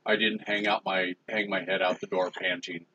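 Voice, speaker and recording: Deep husky man, off-mic and muffled. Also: little pitch movement, moderate pace, pushed and bright. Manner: teasing, low-key off-camera remarks. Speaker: vlogger's husband.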